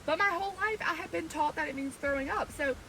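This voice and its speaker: A woman telling a casual personal anecdote in a chatty, animated way. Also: very high-pitched, quick pace, crowd noise, poor audio. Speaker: storyteller in a played clip.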